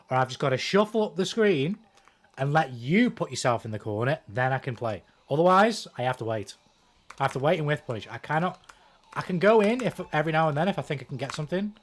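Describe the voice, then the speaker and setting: Profane man thinking aloud while gaming. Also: a little high. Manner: profane, thinks out loud, self-deprecating. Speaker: gaming streamer. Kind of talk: casual commentary while playing a fighting game.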